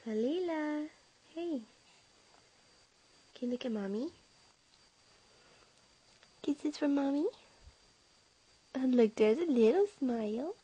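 A woman's voice: sits high, expressive, measured pace, long pauses, dark tone. A young mother at home, cooing teasing sing-song baby talk to her infant while filming on a handheld camera. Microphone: handheld camera mic.

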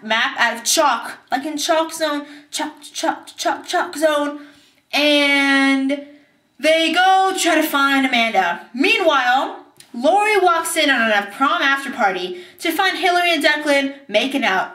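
A woman's voice: high voice, expressive, normal speed, sharp tone, roomy sound, distant mic. A young woman recapping a TV episode in a casual vlog, bubbly and acting out scenes in silly voices. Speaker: TV recap vlogger. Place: bathtub.

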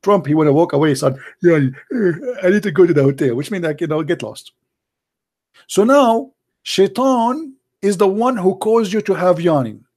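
A man's voice: high-pitched, a little mellow. A man giving mocking commentary, sarcastic and mock-incredulous. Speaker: debater hosting a call-in style talk.

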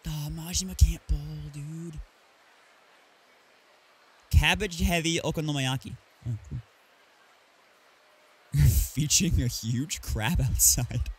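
A man's voice: fairly high pitch, steady tone, takes it slowly, pauses often, breathy edge. A man streamer chatting casually over gameplay, reading item names aloud and joking about the game.

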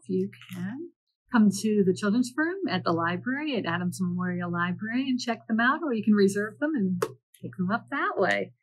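A woman children's librarian presenting and reading picture books aloud in a gentle storytelling manner with playful asides. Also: mid-range voice, a little hiss or hum, low-quality recording.

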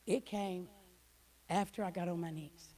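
A middle-aged woman, a guest speaker giving an emotional church testimony that swings from hushed to loud. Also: on the low side, steady tone, measured pace, slightly rough, poor audio. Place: church hall.

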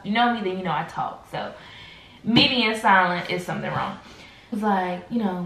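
A woman telling a casual storytime to her viewers, animated and slangy, speaking straight to the camera. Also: lowish voice, normal speed, gravelly, echoey room, slight background noise, poor audio.

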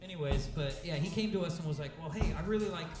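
A man's voice: fairly high pitch, quick pace, recorded from a distance. A man from Central Illinois, a rock band frontman, bantering loosely between songs and swearing casually. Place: live music venue. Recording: roomy live stage with loud music.

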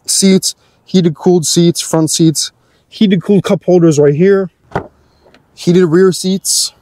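A man's voice: high voice, steady tone, slow, dark tone. A young man hosting a car channel, giving an easygoing, chatty walkthrough of his car's features.

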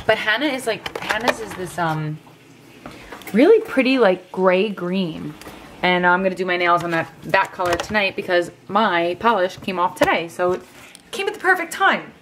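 A woman vlogging at home, chatting to the camera in an excited, rambling way. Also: lowish voice, normal speed, noisy background. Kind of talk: casual chat to camera.

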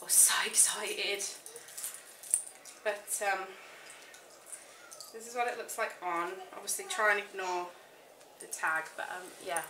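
A woman's voice: mid-range voice, a little slow, pauses often, noisy background. A woman chatting casually to camera as a vlogger, gushing and chatty, with frequent fillers. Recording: echoey room.

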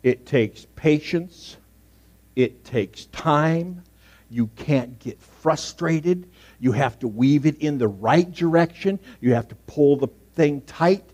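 Middle-aged male pastor preaching in church, anecdotal, shifts from loud to near-whisper. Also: on the high side, slightly rough. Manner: storytelling, swings from loud emphasis to hushed asides. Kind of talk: sermon. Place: church sanctuary.

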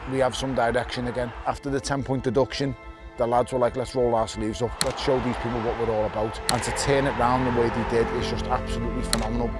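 A man with a thick Liverpool accent talks in a casual documentary chat. He is blunt and passionate, with a joking edge, and his voice sits at an ordinary middle pitch. Music plays clearly behind him. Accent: Liverpool (Scouse). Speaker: football fan on a stadium tour.

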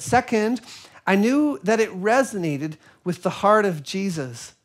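A man giving a sermon, telling a personal story in an earnest, reflective way with soft pauses. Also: sits high. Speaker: preacher.

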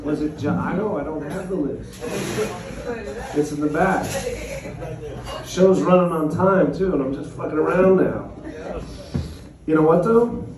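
A man's voice: fairly high pitch, measured pace, pauses often, roomy sound, distant mic. A man emceeing at a comedy club, bantering loosely with the audience between acts. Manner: loose, joking banter with the crowd. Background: loud crowd.

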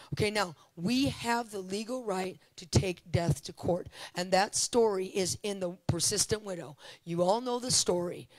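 A middle-aged woman preaching at a conference, telling testimonies in an animated, emphatic way and repeating phrases for emphasis. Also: mid-range voice, no echo, low-quality recording.

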